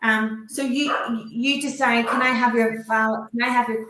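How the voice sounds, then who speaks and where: A woman working as a medium, talking haltingly and gently reassuring the sitter, often asking permission. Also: fairly high pitch, fairly even intonation, slight background noise. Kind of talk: live mediumship demonstration. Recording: roomy echo.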